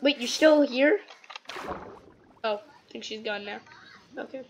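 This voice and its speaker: A woman's voice: on the high side, unhurried, noisy background. A female gameplay host chatting casually and rambling to herself as she crafts. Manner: rambling, talks to self while crafting. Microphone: computer microphone. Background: television playing in the house.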